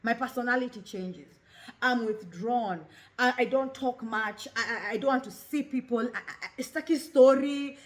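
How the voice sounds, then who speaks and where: A Kenyan woman in her thirties hosts a talk show at a moderate pace, her pitch fairly high. She speaks candidly and expressively about personal matters, moving between English and Swahili.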